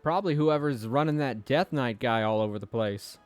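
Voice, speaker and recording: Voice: medium pitch, brisk. A streamer giving offhand, sarcastic commentary while playing a game. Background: game music.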